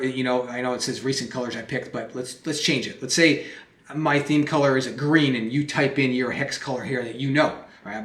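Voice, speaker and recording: A man's voice: medium pitch, fairly bright tone. Casual man teaching with echoey room sound. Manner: conversational, repeats and restarts phrases, lots of "okay?" and "right?" checks. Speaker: presentation software instructor. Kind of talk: casual screen-recorded tutorial.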